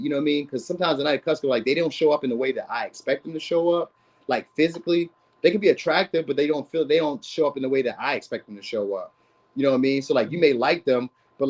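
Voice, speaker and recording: A man's voice: medium pitch, poor audio. A man giving a casual, rambling tarot reading in slangy talk, often asking "you know what I mean?". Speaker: tarot reader.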